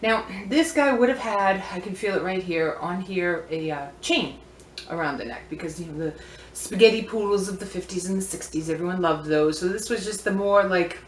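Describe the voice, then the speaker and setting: A vintage antiques dealer with a fairly low voice wanders chattily and playfully through a show-and-tell of her finds for her vlog. The echoey recording has a little hiss or hum.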